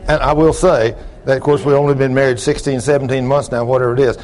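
An older man preaching a folksy sermon, talking loud and gruff, telling plain-spoken stories and asking the congregation questions. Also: mid-range voice, fairly even intonation, fast talker. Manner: loud, gruff, rising into shouts when acting out stories; plain-spoken, ungrammatical storytelling with audience questions.

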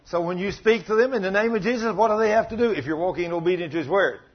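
A man preaching a sermon, telling a story and acting out the voices in it, with sudden loud bursts. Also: high-pitched, rapid-fire, slightly rough. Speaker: pastor. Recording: muffled lo-fi sound.

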